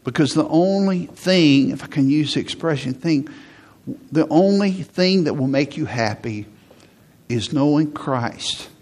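A man's voice: fairly high pitch, lively intonation, measured pace, a little mellow. A man preaching a conversational sermon to a congregation, often acting out what people say. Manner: conversational preaching, acts out quotes. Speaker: pastor.

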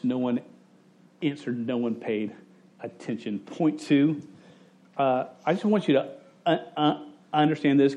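A man preaching a sermon in a casual, joking, conversational way, slipping into quick voices for the people in his stories. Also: mid-range voice, warm tone. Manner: conversational storytelling with quick voice shifts for quoted people; jokey and self-interrupting. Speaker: pastor.

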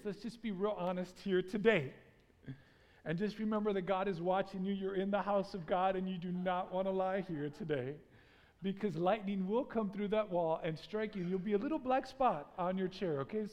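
A man preaching to a congregation, telling a story with animated energy and putting statistics to the crowd. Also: high-pitched. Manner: animated storytelling, acting out his own panic. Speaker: pastor. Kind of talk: sermon. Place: church sanctuary. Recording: long church reverb.

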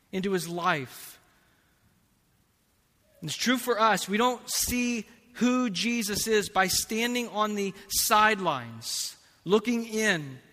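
A man preaching a sermon as pastor, slow and emphatic, swinging between hushed and loud passages. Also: sits high. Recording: long reverb of a large hall.

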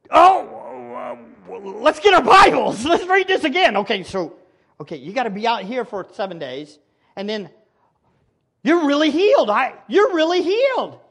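A preacher acting out a group of ancient temple priests, scoffing and offhand, who wave away a law they memorized but never practiced. The voice swings widely up and down as they chatter. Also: male voice, high-pitched, breathy edge. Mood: flustered.

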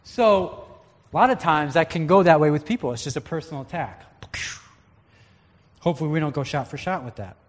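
A man's voice: on the high side, lively intonation, fairly quick, long pauses. A man preaching a conversational, earnest sermon as a pastor. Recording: long hall reverb.

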